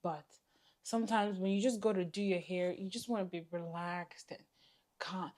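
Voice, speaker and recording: A woman's voice: on the low side, steady tone, moderate pace, darkish tone. A woman vlogging casually to camera, venting in a tired, exasperated way while hungry. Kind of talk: casual storytime vlog. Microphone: camera mic facing a monitor.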